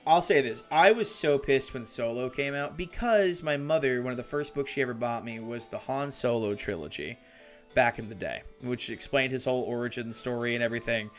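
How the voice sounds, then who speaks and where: A man's voice: mid-range voice, brisk, faint music behind. A man hosting a hobby build live stream, chatting casually, swearing and laughing often, and reading chat messages aloud.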